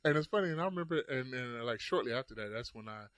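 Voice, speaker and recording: A man chatting casually as a podcast guest, telling stories with lively energy and acting out the quotes. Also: mid-range voice, fast, dry recording. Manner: animated storytelling, acts out quotes. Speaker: guest storyteller.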